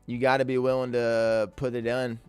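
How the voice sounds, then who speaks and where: A man streams his trading live, talking through every move with frequent swearing and open exasperation. His voice sits at an ordinary middle pitch, with faint music playing softly behind him. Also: little pitch movement, normal speed, smooth, dry recording. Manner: exasperated, swears often, talks to himself about trades. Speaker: day trader streaming live. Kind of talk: live trading commentary, reading chat.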